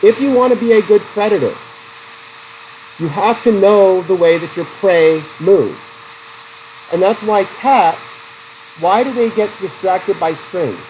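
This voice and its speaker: A man's voice: high-pitched, unhurried, long pauses, a little hiss or hum, rough recording. A middle-aged man teaching a psychology class, lecturing with questions to the students and personal stories. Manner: animated, talks to students with questions and anecdotes.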